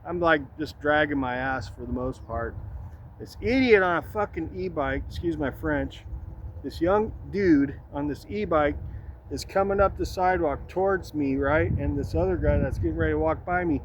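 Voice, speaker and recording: A man's voice: fairly high pitch, moderate pace, slight background noise, low-quality recording. A man talking casually on a walk through a city park, rambling through a story and tossing in "man" and "right?" as he goes. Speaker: vlogger. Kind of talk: casual walk-and-talk vlog.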